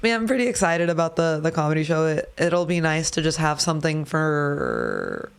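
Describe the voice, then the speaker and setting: Brief: easygoing podcast host, mid pitch, chatty and quick to laugh. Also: big pitch swings, vocal fry, clear, resonant tone. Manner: chatty, laughs often, jokey. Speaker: podcast host and comedy show producer. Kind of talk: casual podcast chat.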